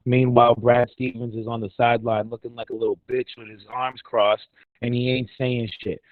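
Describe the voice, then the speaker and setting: A man's voice: mid-range voice, flat delivery, normal speed, no room sound. Man, fired-up sports rant, sarcastic, swearing, dry close sound. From Dominican heritage. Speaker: podcast co-host. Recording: dry, tinny phone-like line.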